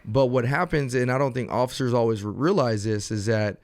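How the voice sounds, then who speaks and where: A man's voice: medium pitch, a little fast, dry recording, clean studio sound. A man hosting an interview, a police officer himself, earnest and encouraging, asking long reflective questions. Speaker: podcast host and police officer.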